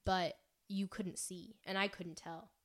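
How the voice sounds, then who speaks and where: A woman's voice: mid-range voice, steady tone, measured pace. A young woman co-hosting a casual chat podcast, talking animatedly and retelling things dramatically with lots of "like". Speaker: podcast co-host.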